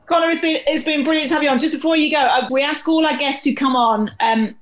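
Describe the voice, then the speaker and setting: A woman hosting an interview, bringing in a segment in a brisk, upbeat way. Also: high voice, steady tone. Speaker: host.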